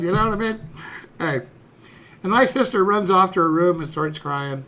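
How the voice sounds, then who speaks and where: A man's voice: high-pitched, lively intonation, unhurried, fairly bright tone. A man in his sixties, a streamer telling a personal story in a rambling, folksy way, dropping "you know" and "okay" throughout. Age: 60s.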